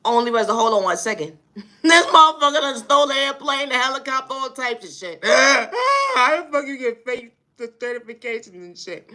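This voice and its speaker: Woman vlogger, lively bright voice, foul-mouthed comic rant, exasperated and laughing. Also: sits high, normal speed. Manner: profane, exasperated, laughing often. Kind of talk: comedic storytelling rant.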